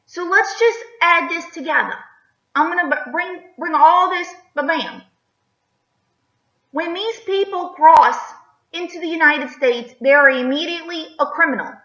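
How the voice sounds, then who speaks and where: A woman's voice: high-pitched, lively intonation, measured pace, sharp tone. A woman vlogger delivering an emphatic opinion rant, firing rhetorical questions and tagging lines with "okay?". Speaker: political vlogger. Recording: echoey, slightly dull.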